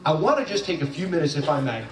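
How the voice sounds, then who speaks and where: A man's voice: a little high, big pitch swings, quick pace, recorded from a distance. Jokey man speaking in an echoey hall. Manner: loose, jokey, with frequent restarts. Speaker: graduation speaker. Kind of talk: joking storytelling speech.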